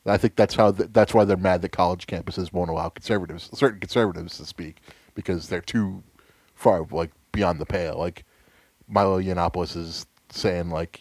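A man's voice: low-pitched, fairly quick, dry recording. Profane ranting man, dry close sound. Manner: ranting, profane, sarcastic, flares into loud outbursts. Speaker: podcast co-host. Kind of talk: casual chat.

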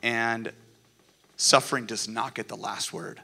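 A pastor preaching to his church, earnest and building to excited peaks. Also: mid-range voice, a little slow, creaky. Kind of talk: sermon. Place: church sanctuary.

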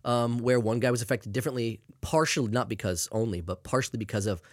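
A man's voice: mid-range voice, fast talker, no room sound, studio quality. A man co-hosting a casual podcast, rambling and swearing freely as he tells stories. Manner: animated, rambling, swears often. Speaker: podcast co-host.

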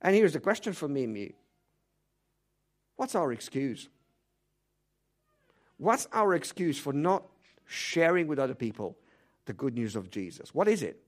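A man's voice: a little high, sing-song, measured pace, long pauses. A man preaching a sermon, emphatic and direct, firing rhetorical questions at the congregation. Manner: direct, speaks to the congregation as "you".

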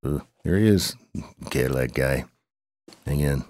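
Deep-voiced man rambling through a story. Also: a little slow, no room sound, studio quality. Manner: rambling, excitable, with grunts and humming. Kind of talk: improvised story with banter.

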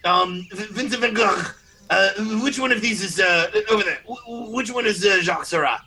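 A man's voice: high voice, moderate pace, sharp tone, husky, low-quality recording. A man playing a pompous, flustered old-fashioned journalist in an improvised comedy sketch.

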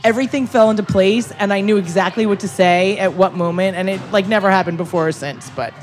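Young female host, casual storyteller, acts out the other people in the story, mid pitch, soft music bed. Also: quick pace. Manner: animated storyteller, acts out customers' lines. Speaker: podcast host, former waitress.

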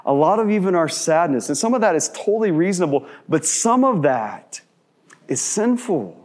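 Conversational male pastor preaching. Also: a little high. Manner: conversational preaching, many rhetorical questions; shifts between quick asides and slow, hushed emphasis. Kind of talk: sermon.

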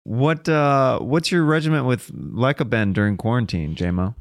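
A man's voice: medium pitch, normal speed, dry recording. A man hosting a comedy podcast, joking loosely with a guest and reading listener questions in an offhand way. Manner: loose, joking, filler-heavy. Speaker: podcast host. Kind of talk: casual chat.

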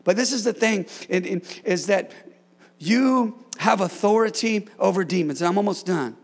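Male preacher, fired-up sermon delivery, high voice with a gravelly edge, jokes with the room. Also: moderate pace. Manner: excitable, shouts commands, jokes with congregation. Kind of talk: energetic sermon.

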